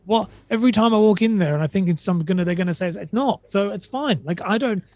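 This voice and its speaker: Man, casual podcast guest, fairly high voice, dry close mic. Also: fast, darkish tone, no room sound. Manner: rambling, retells quotes, many restarts. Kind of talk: casual conversation.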